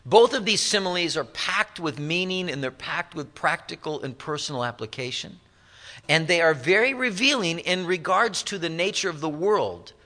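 Pastor, male, sermon delivery, bright tone, slightly higher voice, emphatic slow stresses. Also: lively intonation.

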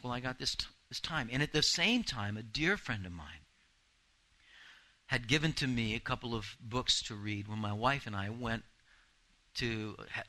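Pastor guy in his fifties preaching, super bright voice, earnest and emphatic. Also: medium pitch, rough recording. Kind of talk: sermon.

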